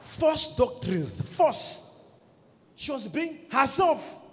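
A man's voice: extremely high pitch, very animated, extremely slow. A man preaching a sermon as pastor, with emphatic call-and-response to the congregation. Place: church. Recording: long hall reverb.

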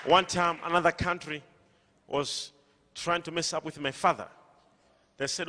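A man preaching a sermon to a congregation, emphatic and repetitive, rising at times to shouts. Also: fairly high pitch, moderate pace, long reverb tail, a faint crowd. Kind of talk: sermon with call-and-response. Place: large church hall.

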